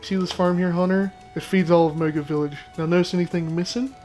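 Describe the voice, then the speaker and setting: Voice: mid-range voice, steady tone, a little mellow, close to an everyday voice. Brief: sassy village farmer, put on by a gamer, faint game music underneath. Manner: sarcastic, quick folksy drawl.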